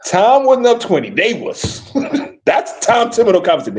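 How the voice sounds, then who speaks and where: A man hosting a podcast, talking about basketball in animated, profane casual banter with frequent restarts. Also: sits high, moderate pace, a crowd in the background. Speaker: podcast host.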